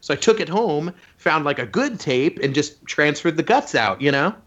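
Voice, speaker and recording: A man chatting casually on a podcast, his pitch sitting a little high and swinging widely as he tells stories. He acts out the voices of the people in his anecdotes. The sound is dull and lo-fi. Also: moderate pace. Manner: animated storyteller, acts out quoted voices. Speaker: podcast co-host. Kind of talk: casual chat.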